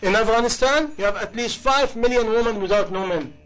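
A man's voice: very high-pitched, a little fast, a bit bright, poor audio. A man preaching a sermon in passionate, English, with many rhetorical questions. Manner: impassioned, rhetorical questions, non-native grammar.

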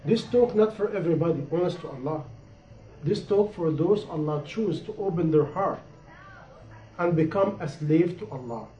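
High-voiced man preaching in an echoey room. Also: dark tone, a little hiss or hum. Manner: impassioned, repetitive, rising and falling emphasis. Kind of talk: sermon. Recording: echoey room, dull lo-fi sound.

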